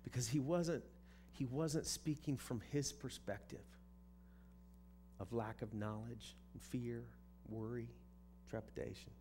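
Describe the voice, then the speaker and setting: A man's voice: medium pitch, steady tone, unhurried, mellow, a little hiss or hum. A man preaching a sermon in a conversational way, often repeating words as he restarts a thought. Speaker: pastor.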